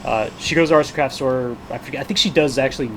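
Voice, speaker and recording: Guy on a movie podcast, mid pitch, recaps scenes and acts out the lines, swears a lot, faint hiss behind. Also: quick pace, fairly bright tone, rough recording. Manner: retells scenes with acted-out quotes and swearing. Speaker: podcast co-host. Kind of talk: casual movie discussion.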